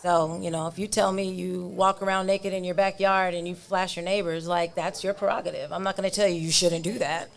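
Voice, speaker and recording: Woman therapist guest on a podcast, calm and explanatory, laughs easily. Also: on the low side, fairly quick, vocal fry, hardly any pauses. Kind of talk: casual podcast chat.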